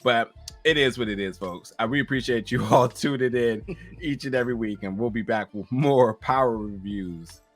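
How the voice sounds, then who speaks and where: A man's voice: medium pitch, moderate pace, faint music behind. Male recap-show host, conversational, talks straight to viewers. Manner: chatty, signs off to viewers. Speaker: TV review podcast host. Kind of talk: casual recap chat.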